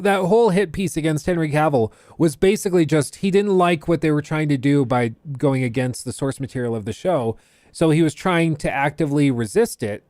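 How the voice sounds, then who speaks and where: A man's voice: mid-range voice, darkish tone, dry recording. A man hosting a livestream, chatting casually and ranting sarcastically, often laughing. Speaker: livestream host. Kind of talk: casual chat.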